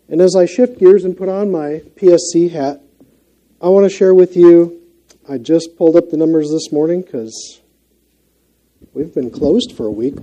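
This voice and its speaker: A man's voice: fairly high pitch, dark tone. A middle-aged man with a Minnesota accent gives an earnest, conversational sermon as a guest preacher, with frequent fillers and restarts.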